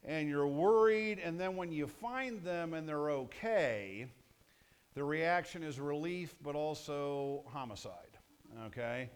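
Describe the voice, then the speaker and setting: A man's voice: a little high, animated, slow, clean tone. Conversational male pastor preaching. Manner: conversational, punchy, asks the audience questions. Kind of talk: sermon.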